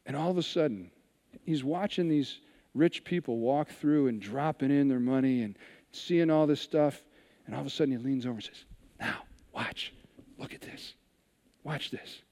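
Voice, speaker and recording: A man preaching a sermon, telling a scripture story with animated retellings and hushed asides. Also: mid-range voice, normal speed, in a large hall. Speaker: pastor.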